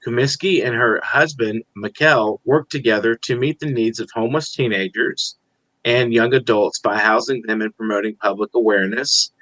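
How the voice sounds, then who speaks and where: A man's voice: medium pitch, fairly bright tone, dry recording, low-quality recording. A man in his forties from Georgia hosting an interview, asking questions with hesitations and repeated words. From Georgia, USA. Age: 40s. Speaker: host. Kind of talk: interview host.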